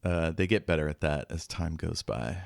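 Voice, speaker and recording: A man's voice: a bass voice, normal speed, gravelly, dry recording, studio quality. A man hosting a podcast, recapping in a wry, joking casual chat. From United States. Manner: wry, recaps plot with jokes. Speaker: podcast host.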